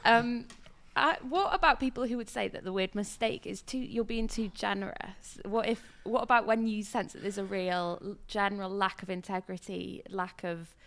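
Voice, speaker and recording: A woman's voice: medium pitch, fairly even intonation, normal speed, creaky, hardly any pauses, fairly bright tone. Young woman co-host, probing questions. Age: young adult. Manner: probing, searching for words. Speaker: podcast co-host. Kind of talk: interview questions.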